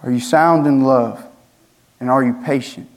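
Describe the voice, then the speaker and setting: A man's voice: mid-range voice, fairly even intonation, unhurried. A young man, a student pastor, preaching a sermon with rhetorical questions and rising emphasis.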